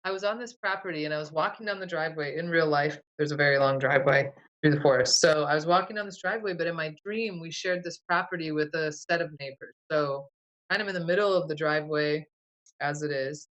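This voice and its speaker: A woman's voice: fairly low pitch, rough recording. A woman guest, a folk herbalist, telling a vivid dream in a loose, casual way full of "like" and "you know". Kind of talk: casual storytelling interview.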